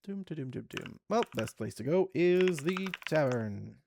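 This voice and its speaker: A man's voice: fairly high pitch, lively intonation, measured pace, gravelly, noisy background. A man hosting a casual let's play, chatting and reading game text aloud with a few self-corrections.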